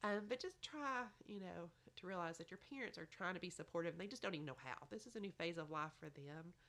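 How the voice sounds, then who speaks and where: Lady on a podcast, motherly advice, bit low and gravelly, lots of you knows. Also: lively intonation, fast talker, fairly bright tone. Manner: motherly, chatty, fills with "you know". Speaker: podcast guest. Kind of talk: casual advice chat.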